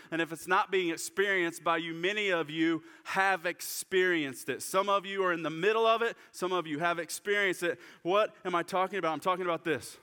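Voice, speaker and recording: A man preaching a sermon to his congregation, shifting from lively urgency to hushed, slow prayer. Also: high-pitched, smooth. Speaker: pastor. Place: church sanctuary. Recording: church hall reverb.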